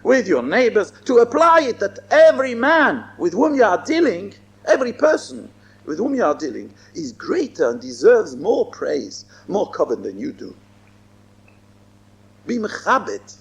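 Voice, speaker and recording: A man's voice: high-pitched, huge pitch swings, unhurried, gravelly. A man giving a Torah lecture as a rabbi, emphatic and repeating his phrases. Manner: emphatic, repeats phrases, mixes in Hebrew and Yiddish terms.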